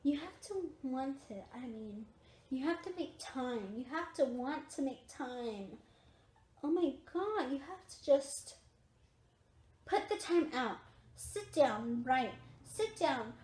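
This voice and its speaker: Young woman, high voice, tired, chatty, emphatic repeats, echoey room. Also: a little mellow. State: tired, yawning. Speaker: vlogger. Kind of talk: casual chat to camera. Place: at home on a recliner.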